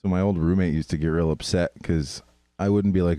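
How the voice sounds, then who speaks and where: A man's voice: deep voice, steady tone, a little fast, mellow, dry recording. A man with a Central Pennsylvania accent, co-hosting a casual podcast with dry jokes. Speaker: podcast co-host.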